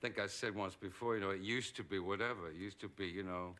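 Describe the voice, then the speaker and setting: Bright-voiced middle-aged English actor. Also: male voice, low-pitched, fast talker. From England. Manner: lively storyteller, acts out quoted voices. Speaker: actor, talk show guest. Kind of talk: anecdotal chat.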